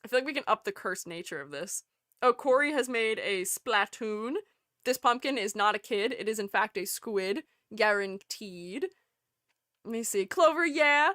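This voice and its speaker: Giggly, high-pitched bubbly woman streamer. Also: expressive, normal speed, a bit bright, dry recording, studio quality. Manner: giggly, bubbly, often laughing; exclaims in delight. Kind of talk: casual live-stream chat with viewers.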